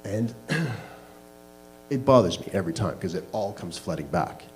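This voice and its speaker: A man's voice: deep voice, expressive, normal speed, slight background noise, low-quality recording. A man telling a candid personal story to a live audience, laughing at himself as he goes. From Canada. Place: small live venue.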